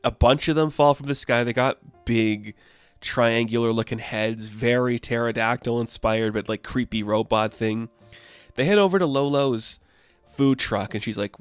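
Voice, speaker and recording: A man's voice: medium pitch, normal speed, clear, resonant tone, dry recording, faint music behind. A man casually reviewing a new comic book, chatty and upbeat, laughing often and restarting small phrases.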